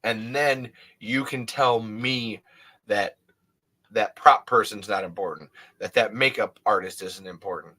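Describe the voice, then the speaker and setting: A man's voice: lowish voice, a little slow, bright, forceful tone. A man in his thirties hosting a casual livestream, rambling emphatically with many restarts and frequent swearing. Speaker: livestream host.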